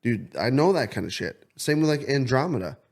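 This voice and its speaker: Man, podcast co-host, casual chat, excitable, swears a lot, mid pitch. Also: fairly quick.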